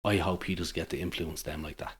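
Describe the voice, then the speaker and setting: Low-voiced Irish man telling football stories. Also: fairly even intonation, fairly quick, breathy edge. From Ireland. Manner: rambling anecdotal storytelling with many restarts. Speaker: guest, amateur football manager. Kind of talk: casual podcast chat.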